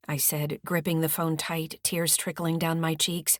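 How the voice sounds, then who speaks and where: A woman narrates a first-person audiobook in a calm, measured way, her voice sitting on the low side. The recording is dry and close, with no room sound. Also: dry recording. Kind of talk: scripted narration.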